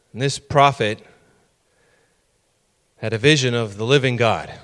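A man's voice: medium pitch, fairly bright tone, clear, resonant tone. A middle-aged man preaching a sermon, telling personal stories and building to emphatic, raised passages.

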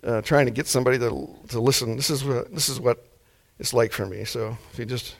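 A man's voice: medium pitch, a little fast, creaky. Laid-back, mild-mannered male preacher. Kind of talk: sermon.

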